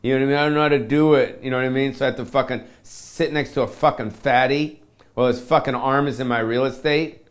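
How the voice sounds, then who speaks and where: A man's voice: medium pitch, fairly even intonation, fast. A man doing a self-pitying comedic rant to camera, swearing constantly in slangy surfer-dude talk. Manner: profane, self-pitying, ranting.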